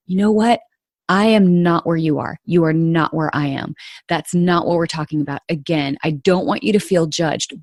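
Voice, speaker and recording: Speaking straight to her audience and calling them "you guys," a woman hosting a podcast recounts a personal story with earnest, confiding warmth. Her voice is lowish and a little mellow. The clean studio sound carries no room noise.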